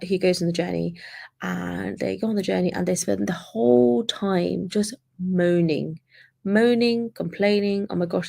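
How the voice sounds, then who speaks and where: A woman's voice: lowish voice, creaky, breathy edge, no echo. A woman, a business coach, giving a chatty online masterclass and acting out little scenes as she goes. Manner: chatty, animated, acts out complaining travelers.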